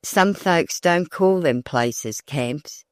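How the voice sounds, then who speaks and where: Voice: medium pitch, expressive, drawn-out words, no room sound, clean studio sound. A narrator voicing a sly folksy old countrywoman. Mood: coaxing. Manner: folksy rural speech.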